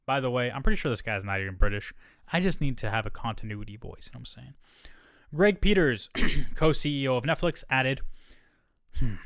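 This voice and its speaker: A man's voice: medium pitch, animated, fairly quick, fairly bright tone, no echo. A man hosting a solo podcast, reading news quotes aloud with wry asides into a close mic. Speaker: podcast host.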